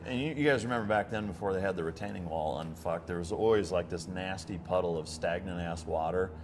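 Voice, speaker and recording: A man with a somewhat low voice tells rough training stories in loose, profanity-laced chat, jumping into loud impressions of the people in them. Noise hangs clearly behind him in the recording. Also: fast. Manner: profane, animated, bursts into loud acted-out quotes. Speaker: former Navy SEAL instructor, podcast guest. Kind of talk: casual storytelling chat.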